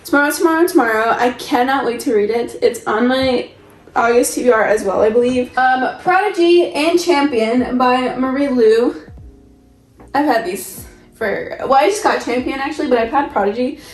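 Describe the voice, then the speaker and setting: Young woman chatting about her bookshelf, kinda high voice, faint music playing. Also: moderate pace. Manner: chatty, rambling, self-questioning. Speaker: book vlogger. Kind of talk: casual chat showing her bookshelf. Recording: echoey room with soft music. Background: soft background music.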